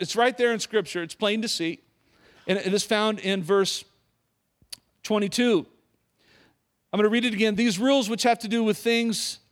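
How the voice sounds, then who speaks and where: Preaching with emphasis, a high-pitched middle-aged male pastor hammers home key phrases through repetition and puts questions directly to his congregation.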